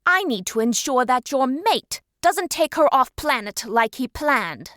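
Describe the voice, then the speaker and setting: A woman narrator voicing a cruel, domineering male pack alpha with a forceful, threatening delivery. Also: fairly high pitch, big pitch swings, a little slow, no room sound, studio quality. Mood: scheming.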